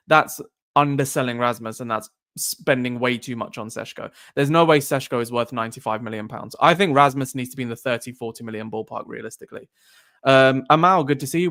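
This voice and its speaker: A man's voice: mid-range voice, fairly bright tone. An Irish man hosting a casual live stream, chatting loosely and reading viewer comments aloud before answering them.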